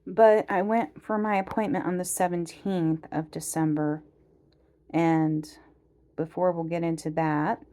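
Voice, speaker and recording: A woman's voice: fairly low pitch, fairly even intonation, a little slow, warm tone. A woman in her forties chatting casually in a personal vlog, rambling with many fillers and laughing at herself as she tells stories. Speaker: vlogger.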